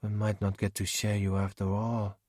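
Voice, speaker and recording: A man's voice: lowish voice, monotone, moderate pace, a little mellow, no room sound, clean studio sound, natural voice. A man voicing a simple, childlike cave creature who talks in a naive, earnest way in a storybook. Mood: worried.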